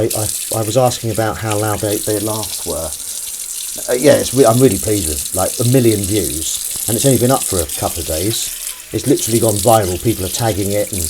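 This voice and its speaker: A man's voice: medium pitch, noisy background. A man hosting a casual live stream from his kitchen, rambling, cutting himself off mid-sentence and swearing casually. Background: faint running water and sink sounds.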